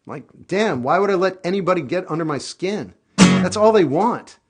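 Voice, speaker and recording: A man's voice: high-pitched, moderate pace, over loud music. A man hosting a live stream, giving casual life advice with candid reflection and sudden goofy outbursts. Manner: animated, goofy bursts of shouting.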